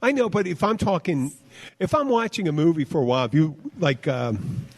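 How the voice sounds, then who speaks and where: A man's voice: a little high, brisk. Rambling middle-aged man telling stories. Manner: rambling, animated storytelling with many restarts. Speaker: podcast host, bartender. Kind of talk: casual chat.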